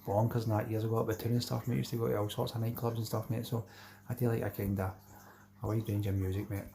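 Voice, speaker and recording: A man's voice: on the low side, little pitch movement, fast, creaky, mellow. A Scottish man from Glasgow hosting a casual fishing livestream, chatting with viewers by name and calling them "mate" all the time. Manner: chatty, says "mate" constantly, reads out viewer names. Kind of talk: casual live chat with viewers.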